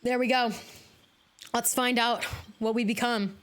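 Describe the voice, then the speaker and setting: A woman streaming a video game live, chatting casually with her viewers, bubbly and quick to laugh. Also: a little high, steady tone, a bit bright. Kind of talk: casual live-stream chat while gaming.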